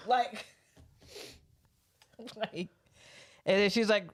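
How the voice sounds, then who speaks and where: A woman's voice: medium pitch, slow, pauses often. A woman hosting a podcast, telling a church story in casual chat, swearing freely and laughing often. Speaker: podcast host.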